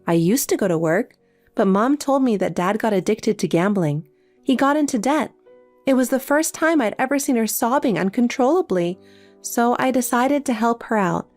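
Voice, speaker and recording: A synthetic woman's voice playing a calm, cold younger sister in a text story, with faint music behind. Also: a little high, moderate pace, no echo, natural voice. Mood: matter-of-fact. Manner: cold, matter-of-fact.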